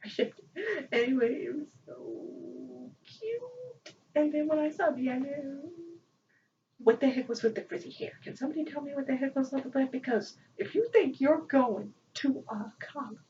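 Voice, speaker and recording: High-voiced woman vlogging from afar. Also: normal speed. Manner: excitable, rambling, often laughing. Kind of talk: casual chat. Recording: distant, dull lo-fi mic with faint noise.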